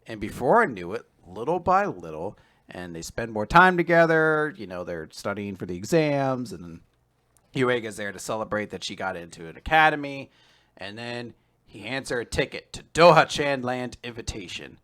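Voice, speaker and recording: A man with a mid-range voice co-hosts a casual manga recap podcast at an ordinary pace. He's animated, retelling scenes and leaping into exaggerated voices for the characters' lines.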